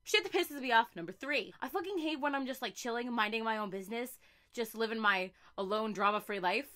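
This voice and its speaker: Young woman, high bright voice, swearing vlog rant that swings from mutters to outbursts. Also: fairly quick. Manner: profane, exasperated, swings into loud outbursts. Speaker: vlogger. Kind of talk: comedic rant to camera.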